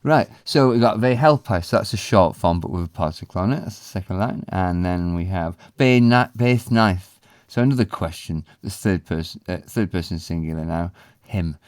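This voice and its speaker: A man teaching a language in a relaxed, explanatory way, pausing often with ums. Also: low-pitched, no echo, studio quality. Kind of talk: casual spoken lesson.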